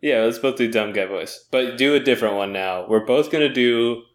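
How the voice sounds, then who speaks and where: A man co-hosting a comedy podcast, joking and quick to laugh. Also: mid-range voice. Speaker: podcast co-host. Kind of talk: casual comedic banter.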